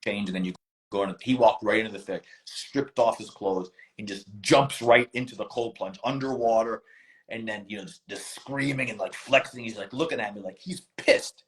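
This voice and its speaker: A man being interviewed, telling stories in a casual, animated and emphatic way. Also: on the low side, normal speed. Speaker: interview guest.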